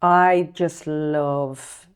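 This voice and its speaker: A woman's voice: low-pitched, steady tone, very slow, clear, resonant tone. Gossipy, blunt woman co-host. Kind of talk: casual chat.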